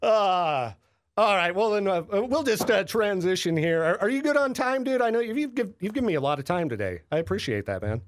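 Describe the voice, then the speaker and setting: A man's voice: sits high, sing-song, fairly quick. A man in his late thirties hosting a podcast, easygoing and friendly, calling his guest man and dude. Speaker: podcast host. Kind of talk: casual chat.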